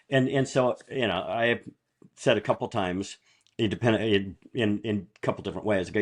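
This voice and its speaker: A man's voice: mid-range voice, fairly quick. A man in casual podcast chat, telling rambling business anecdotes and chuckling as he goes. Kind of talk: casual storytelling.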